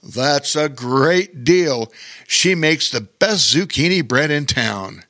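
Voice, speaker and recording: A man voicing a gentle, kindly male bear in a children's story, calm and reassuring. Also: medium pitch, moderate pace, no echo, clean studio sound.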